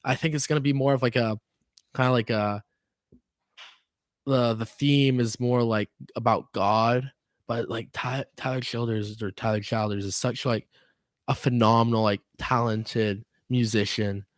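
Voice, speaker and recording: A man's voice: medium pitch, steady tone, unhurried, dry recording. Young guy hosting a podcast, chill and rambly, swears a ton, dry close sound. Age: young adult. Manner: laid-back, swears a lot, filler-heavy rambling. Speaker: podcast host. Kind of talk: casual chat.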